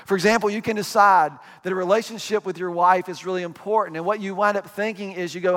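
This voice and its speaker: Male pastor, high-pitched, chatty sermon delivery, reverberant hall sound. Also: steady tone, a bit bright. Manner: conversational preaching with asides and quick acted quotes.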